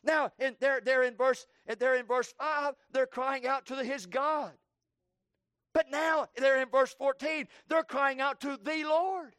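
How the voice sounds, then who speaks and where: Preacher guy, really high voice, goes from shouting to near whispers, dry sound. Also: steady tone, measured pace, no echo. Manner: fervent preaching, swinging from loud cries to hushed tones; repetitive, emphatic phrasing. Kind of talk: sermon.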